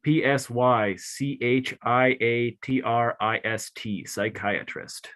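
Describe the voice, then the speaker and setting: A man competing in a spelling bee over a video call, thinking out loud and second-guessing himself before spelling. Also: mid-range voice, steady tone, takes it slowly. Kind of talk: spelling aloud in a contest.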